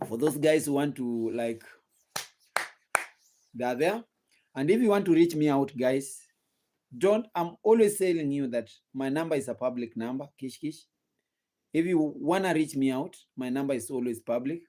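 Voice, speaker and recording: A young Kenyan-accented man hosts a gossip channel, chatting casually on a live stream in a warm, mid-range voice at an unhurried pace. Sleepy and yawning, he keeps tossing rhetorical questions at his viewers and saying the same things over and over.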